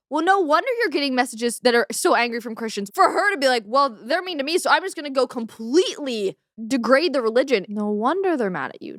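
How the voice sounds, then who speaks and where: A woman's voice: high-pitched, fairly bright tone, no echo, clean studio sound. A woman hosting a commentary show, speaking in an earnest, opinionated way about faith. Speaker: host.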